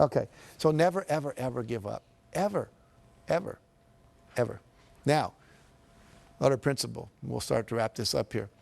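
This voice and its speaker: A man's voice: medium pitch, fairly quick, vocal fry, darkish tone. A man giving a motivational seminar talk to an audience, telling stories and slipping into the quoted characters, with emphatic repetition. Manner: storytelling, shifting into quoted characters. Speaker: motivational speaker.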